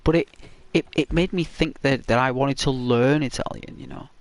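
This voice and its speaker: An English man with a soft tone chats and rambles while he plays. His voice sits at an ordinary middle pitch. The delivery is casual gameplay commentary with a gentle, semi-ASMR feel. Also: moderate pace, no room sound. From England. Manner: soft-toned, rambling and chatty. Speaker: gaming channel host.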